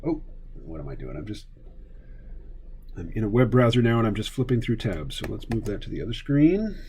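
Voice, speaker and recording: A man's voice: fairly low pitch, big pitch swings, fairly quick, darkish tone, a little hiss or hum. A man streaming while he draws, chatting casually in a wry, rambling way and laughing often. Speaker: streamer and cartoonist. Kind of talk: casual chat while drawing.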